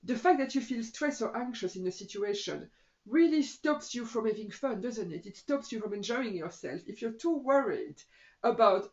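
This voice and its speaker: A woman's voice: a little high, expressive, normal speed, dull audio. A middle-aged woman yoga teacher giving casual tips to camera in a chatty way, often saying "you know".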